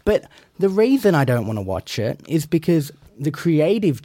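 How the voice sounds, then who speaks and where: A man with a fairly high voice trades jokes on a podcast. He brags and teases his co-hosts. The sound is dry and close. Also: lively intonation, unhurried, a little mellow, no echo. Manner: boastful, teasing. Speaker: podcast co-host. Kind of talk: casual banter.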